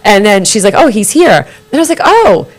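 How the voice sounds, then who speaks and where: A woman who reads tarot, a guest on a live studio talk show, telling anecdotes in a lively way, acting out quoted dialogue and swearing freely. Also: medium pitch, fast talker, soft background music. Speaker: tarot card reader, guest.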